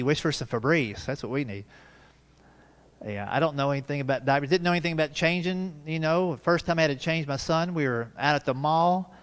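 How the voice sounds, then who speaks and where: A man's voice: on the high side, a bit bright, smooth. A man in his fifties performing a stand-up comedy set, telling folksy family stories with punchy asides at a live show in a church hall. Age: 50s.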